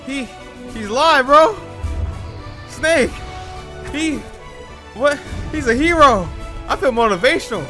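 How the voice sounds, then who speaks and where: A hyped man gives let's-play commentary on a game in slangy banter, and his pitch swings wildly as he reacts. His loud outbursts land over clear game music playing behind him. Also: lively intonation, slow, long pauses. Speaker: gaming channel host.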